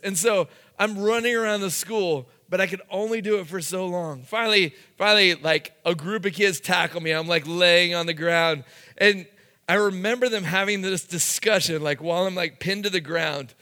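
A man's voice: sits high, unhurried, sharp tone, in a large hall. A man preaching a youth sermon, telling a funny school story and acting out the quotes. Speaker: youth pastor.

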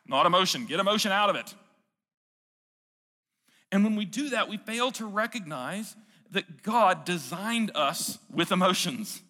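A man preaches in a high, bright voice. He talks earnestly and conversationally and keeps asking the room questions. A long hall reverb trails each phrase. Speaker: pastor. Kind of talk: sermon.

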